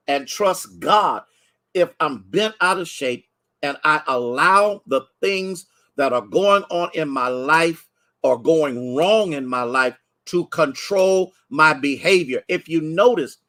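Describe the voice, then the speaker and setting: A man's voice: on the high side, a bit bright. A man preaching a sermon, repeating phrases for emphasis and calling out viewers by name. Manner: preachy call-and-response, greets online viewers by name. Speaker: pastor. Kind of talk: livestreamed sermon teaching.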